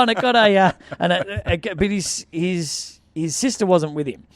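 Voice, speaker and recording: A man's voice: on the high side, fairly quick, few pauses, dry recording, studio quality. Rambling Australian man telling a gig story. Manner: rambling, repeats and restarts, acts out voices in the story. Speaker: podcast co-host, comedian. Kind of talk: casual storytelling chat.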